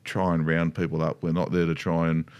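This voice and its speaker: A man's voice: deep voice, completely flat delivery, fairly quick, clear, resonant tone, highs cut off. A middle-aged Australian man co-hosting a casual talk about riding, rambling with many restarts and asides. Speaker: motorcycle dealership co-host. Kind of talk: casual chat.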